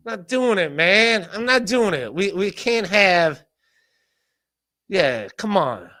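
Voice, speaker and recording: Guy with a high bright voice rambling on his podcast, swears a lot, laughs a bunch. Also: sing-song, slow. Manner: rambling, profane, laughs often, mock-shouts quoted people. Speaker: podcast host. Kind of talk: casual solo rant.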